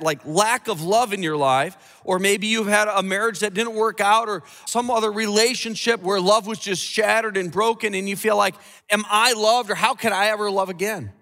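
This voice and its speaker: A man preaching a sermon as pastor, emphatic, with dramatic pauses. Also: sits high, pushed and bright, in a large hall.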